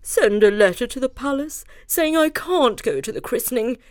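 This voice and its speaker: A woman's voice: on the high side, expressive, normal speed, no echo, pitched above the performer's own voice, close to an everyday voice. A panicky rich young man from a read-aloud children's story, whining and stumbling over his words, as a woman puts him on. The voice sits well above the reader's own and sounds strained. The recording is dry and close. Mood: pleading. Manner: stammering, whiny.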